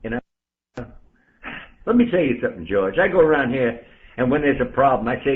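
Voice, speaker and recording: A blunt, ranting man from the Bronx holds forth on an amateur radio channel, his voice swinging up and down with lively emphasis. He keeps calling out other listeners by name. The sound comes through a narrow, tinny radio transmission. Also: medium pitch, moderate pace, pauses often. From the Bronx, New York. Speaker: ham radio operator. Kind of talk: on-air ranting chat.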